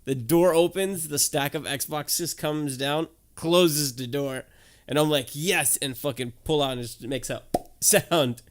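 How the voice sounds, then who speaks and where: A man, a podcast co-host telling stories in casual, swearing, animated chat. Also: fairly high pitch, a little slow.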